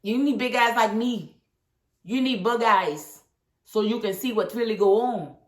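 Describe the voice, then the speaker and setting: A woman giving a sassy, animated casual review of a reality TV episode, talking straight back to the people on screen. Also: fairly high pitch, a little slow. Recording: echoey room.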